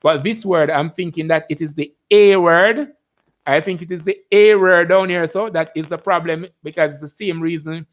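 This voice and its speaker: A man's voice: on the high side, rough recording. Chatty Jamaican man teaching live. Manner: chatty, greets viewers by name, drawls terms slowly. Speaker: biology teacher hosting a live class. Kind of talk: casual live-stream lesson.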